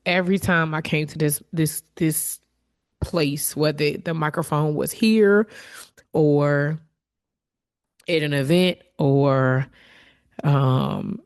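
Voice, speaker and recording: A woman's voice: deep voice, takes it slowly, pauses often, darkish tone. A woman hosting her own podcast, talking in a candid, conversational way and openly admitting her emotions. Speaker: podcast host. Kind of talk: reflective solo podcast talk.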